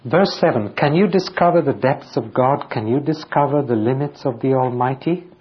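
A man's voice: medium pitch, moderate pace, slightly rough. A man reading Bible verses aloud and explaining them in plain, conversational terms. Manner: reads scripture aloud, then explains it plainly. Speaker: Bible teacher. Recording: dull lo-fi recording.

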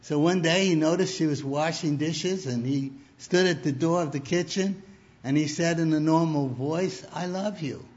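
Male preacher, kinda high voice, slow sermon, muffled dull recording. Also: darkish tone. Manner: deliberate, storytelling with humor.

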